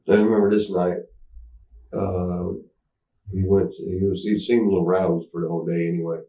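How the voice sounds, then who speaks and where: A former wrestler as an interview guest, telling candid stories in a rambling, halting way full of fillers and restarts. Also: male voice, low voice, warm tone. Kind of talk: candid anecdotal storytelling. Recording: roomy sound, mic at a distance.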